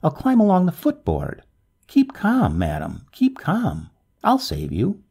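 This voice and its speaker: A man's voice: fairly high pitch, huge pitch swings, takes it slowly, vocal fry, breathy edge, pitched above the performer's own voice, exaggerated voice. A man doing an urgent plucky young man. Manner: urgent, shouting over wind.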